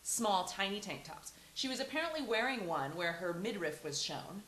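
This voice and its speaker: A woman co-hosting an online morning show, telling a story in a lively, easygoing way and laughing easily. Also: medium pitch, moderate pace, roomy sound, slight background noise. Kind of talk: casual chat.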